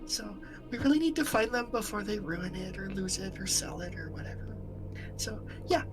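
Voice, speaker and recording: A woman's voice: mid-range voice, animated, normal speed, music in the background, lightly acted. A woman voicing a small skull wreathed in pink flames, chatty and offhand in a tabletop role-play. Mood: breezy.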